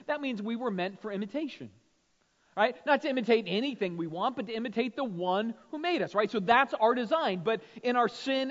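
A man preaching a sermon to his church, speaking conversationally and often checking in with "right?". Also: high voice. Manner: conversational, frequent "right?" tag questions. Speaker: pastor. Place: church sanctuary. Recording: long hall reverb, dull lo-fi sound.

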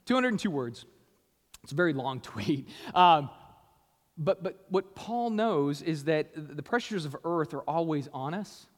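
Energetic high-voiced preacher in a hall. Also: male voice, measured pace. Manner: energetic, conversational, jokey asides. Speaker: pastor. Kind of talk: sermon.

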